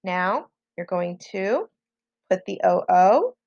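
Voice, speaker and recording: Slow, patient woman teaching spelling. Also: medium pitch, big pitch swings, a little mellow, no echo, muffled recording. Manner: patient, sounds out letters one by one. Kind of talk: slow, deliberate spelling lesson for children. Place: home, online lesson.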